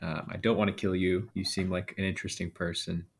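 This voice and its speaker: A man with a very low, gravelly voice plays a tabletop game. He speaks earnestly and hesitantly, with plenty of fillers. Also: level tone, brisk. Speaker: player. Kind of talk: in-character casual talk.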